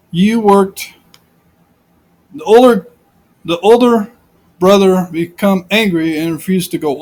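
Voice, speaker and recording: A man's voice: high voice, a little mellow, poor audio. A man giving informal, rambling commentary on scripture, repeating himself and piling up rhetorical questions. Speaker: Bible commentator.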